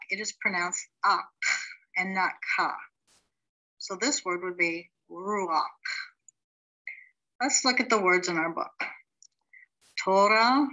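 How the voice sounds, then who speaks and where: A middle-aged woman teaching a beginners' language class, sounding out each word syllable by syllable in a steady, instructional way. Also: fairly low pitch, rough recording. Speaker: Hebrew teacher.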